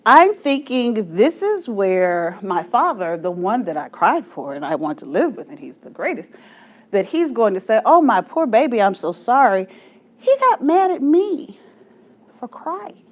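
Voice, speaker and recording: Woman in her forties, group leader, fairly high voice with a lot of swing, laughs often and pokes fun at herself. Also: unhurried. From Texas, USA. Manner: animated, laughs often, self-mocking humor. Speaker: church study group leader. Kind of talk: storytelling talk to a group.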